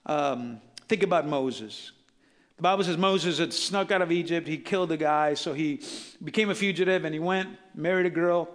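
A man preaching a sermon as a pastor, conversational and animated, acting out Bible characters with casual asides. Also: fairly high pitch.

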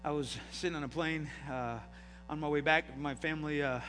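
A middle-aged man preaching a sermon as pastor, animated and full of rhetorical questions. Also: a little high, normal speed. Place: church sanctuary. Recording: hall reverb, faint noise.

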